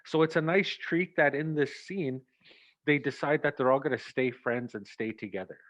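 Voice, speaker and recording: A man directing a community play, giving rehearsal notes in an animated way and acting out lines. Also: medium pitch, moderate pace. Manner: animated, acts out lines, chuckles often. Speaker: theatre director. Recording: dull, dry lo-fi sound.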